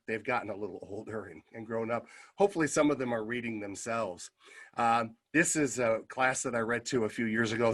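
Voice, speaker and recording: Middle-aged man, husky voice, mid pitch, chatty storyteller at a service club speech, filler-heavy delivery. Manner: lively anecdotal telling with many fillers. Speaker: Kiwanis club member giving a convention message.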